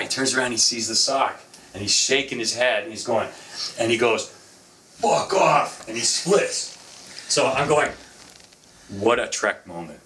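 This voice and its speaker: A middle-aged man on a podcast, telling stories in a casual, animated way with lots of fillers. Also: medium pitch, a little hiss or hum. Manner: animated anecdotal storyteller with frequent fillers. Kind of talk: casual storytelling chat.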